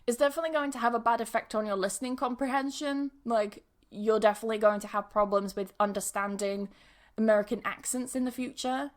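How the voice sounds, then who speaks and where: A woman's voice: fairly high pitch, a bit bright. A woman in her thirties from Yorkshire with a mixed Yorkshire accent, chatting frankly on her podcast as an English teacher and laughing often. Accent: Yorkshire English, mixed with some Bristol. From Yorkshire, England. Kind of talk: casual podcast monologue.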